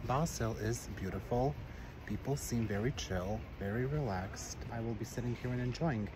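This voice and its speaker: A travel vlogger, a man, narrates outdoors at a moderate pace with dramatic, jokey self-talk broken by sudden high exclamations, moving between a forest trail and a riverside city. The camera audio is noisy, with outdoor ambience and flowing water behind him.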